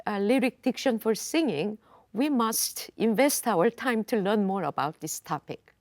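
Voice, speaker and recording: A woman who is a native Korean speaker, speaking English with a Korean accent as a panelist in a studio roundtable, measured and deliberate. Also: medium pitch, lively intonation, a little mellow, no room sound. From South Korea. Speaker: panelist, voice teacher. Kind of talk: roundtable discussion. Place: video studio.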